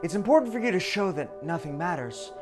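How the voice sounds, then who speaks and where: A man voicing a calm young female psychiatrist who questions in a quiet, measured way, with music underneath. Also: high voice, pitched above the performer's own voice. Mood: intent.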